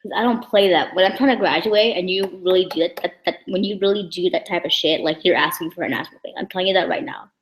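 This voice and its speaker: A woman's voice: lowish voice, quick pace, hardly any pauses. Young woman vlogging, blunt and heated, lots of swearing, echoey room. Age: young adult. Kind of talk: casual storytime vlog.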